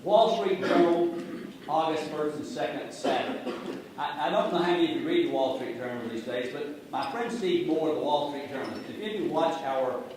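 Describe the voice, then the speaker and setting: A man's voice: a little high, normal speed, a little mellow. A middle-aged man, giving a sarcastic, jokey talk on finance to a live audience and speaking to it directly. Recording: echoey hall from far off, noisy.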